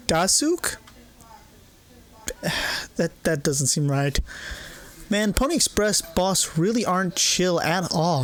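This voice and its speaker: A man with a slightly high voice gives loose, running commentary while he plays a horror game. He mutters his thoughts out loud and swears freely, close to a desk microphone. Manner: casual, swears freely, thinks aloud. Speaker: gamer playing a horror game. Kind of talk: casual gameplay commentary.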